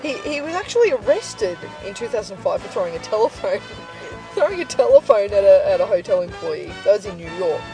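A woman's voice: medium pitch, big pitch swings, fairly quick, over music. A woman with an Australian accent co-hosting a podcast, telling stories and giggling while chatting in a moving car. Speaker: podcast co-host. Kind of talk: casual chat.

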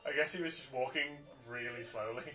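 A man's voice: mid-range voice, a little fast, pushed and bright, soft background music. A man chatting casually with friends while watching a film, teasing and giggly. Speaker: movie watcher. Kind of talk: casual group chat reacting to a film.

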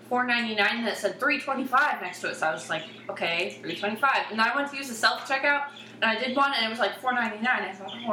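A woman's voice: on the high side, sharp tone. A woman chatting at a meal, talkative and full of stories. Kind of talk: casual chat at a meal. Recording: echoey room, noisy, mic far off. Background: clattering dishes and cutlery.

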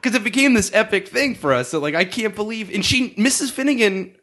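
A man's voice: high voice, expressive, a little fast, bright, forceful tone. A young man hosting a podcast, telling a story in casual chat, laughing often and acting out the voices of the people in it. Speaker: podcast host.

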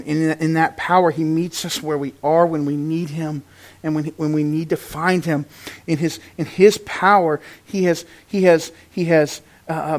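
A man preaching a sermon to his congregation, moving between raised, emphatic passages and quiet, hushed ones, and acting out the lines he quotes. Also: on the high side. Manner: animated, swings from loud to hushed, acts out quotes. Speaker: pastor.

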